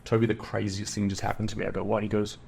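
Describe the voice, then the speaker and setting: A middle-aged man with an Australian accent, a podcast guest telling a story in a casual, animated way, acting out the voices of the people he quotes. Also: fairly low pitch, fast, gravelly, slightly rough. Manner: animated, acts out quoted dialogue.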